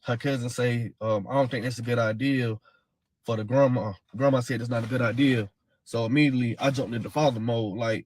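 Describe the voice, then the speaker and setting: Speaking briskly with a steady tone, this man tells his own story bluntly and angrily, cursing and saying things over again. He is the father of a missing woman's child, and there's slight background noise in this casual account.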